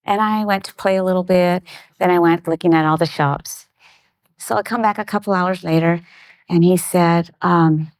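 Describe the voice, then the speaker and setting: A middle-aged woman, a guest on a talk show, telling a personal anecdote in lively detail and acting out the voices of the people in it. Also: fairly low pitch, normal speed, dry recording. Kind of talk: storytelling in a conversation.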